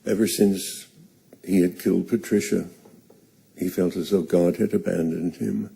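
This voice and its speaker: An older man slowly telling a personal story on stage, halting and earnest. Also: low voice, fairly even intonation, vocal fry, mellow, husky.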